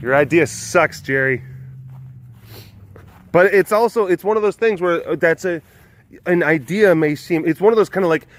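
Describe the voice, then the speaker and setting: A man's voice: high voice, fairly quick. A man casually retelling old fables, rambling and full of filler words. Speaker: host. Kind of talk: casual storytelling.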